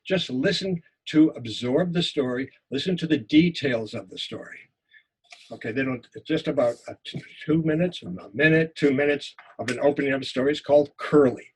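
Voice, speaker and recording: Husky-voiced man reading his story. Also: medium pitch, normal speed. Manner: expressive reading, repeats words in tense moments. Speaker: writing teacher. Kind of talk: lecture and reading a memoir story aloud.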